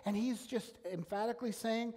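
A man with a high voice preaches a sermon, earnest and emphatic, often circling back to restart a phrase. His words ring out with a long reverb, as in a large church sanctuary. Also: fairly even intonation, moderate pace, darkish tone. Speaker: pastor.

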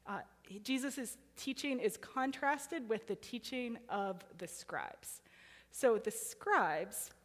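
A woman preaching a sermon in a conversational way, asking her listeners questions. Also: on the high side. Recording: hall reverb.

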